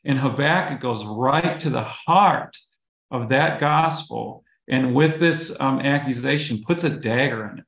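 A man's voice: mid-range voice, measured pace, gravelly, a bit bright, reverberant. A man, a pastor co-hosting a podcast, explaining a bible passage earnestly and stumbling over repeated words. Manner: earnest, explanatory, with frequent restarts. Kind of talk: bible study conversation.

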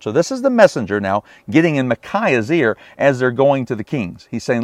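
A man's voice: fairly low pitch, animated, a little fast, dry recording. A man preaching a sermon on a Bible passage, emphatic and often asking his listeners rhetorical questions.

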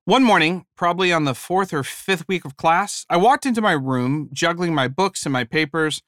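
A man delivering a sermon with animated, humorous storytelling. His voice sits a little high for a man. The recording is dry and close, with no room echo. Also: normal speed. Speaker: preacher and former high school teacher.

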